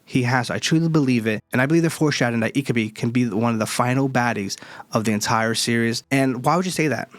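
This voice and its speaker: Excitable man reviewing anime, dry sound. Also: mid-range voice, fast talker, dry recording. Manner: excitable, slangy, hype outbursts. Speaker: anime reviewer, channel host. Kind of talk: casual manga chapter review.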